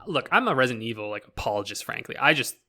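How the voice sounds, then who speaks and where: Canadian man, podcast co-host; bright, lively, laughing banter. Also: medium pitch, fast. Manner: animated, laughs often, swears casually. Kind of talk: casual chat.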